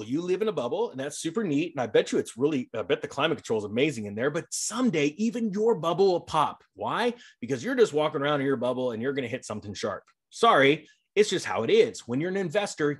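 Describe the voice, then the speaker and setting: A middle-aged man hosting a casual commentary vlog, energetic and sarcastic, rambling as he reads and reacts. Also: on the high side, breathy edge. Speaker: real estate YouTuber.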